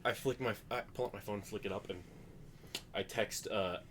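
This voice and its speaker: A man's voice: on the low side, steady tone, normal speed, a bit bright, slight background noise. A man playing his character in a tabletop role-play game, hesitant, describing his actions step by step. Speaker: player.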